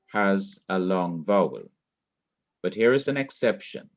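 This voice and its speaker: A man teaching a Hebrew grammar class, explaining slowly and repeating key points. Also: lowish voice, darkish tone, lo-fi sound. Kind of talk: online classroom lecture. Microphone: laptop mic.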